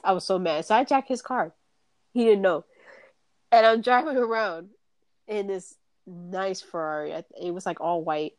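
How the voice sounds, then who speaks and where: A woman's voice: mid-range voice, normal speed, a little mellow, no echo. A woman co-hosting a podcast, telling a story in casual chat, acting out quotes, swearing and laughing often. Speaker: podcast co-host.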